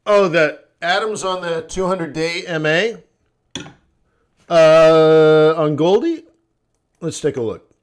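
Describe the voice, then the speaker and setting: A man's voice: on the high side, takes it slowly, pauses often. A tired man teaching forex trading live, blunt and sardonic as he thinks aloud over his charts. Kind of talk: live-streamed trading lesson.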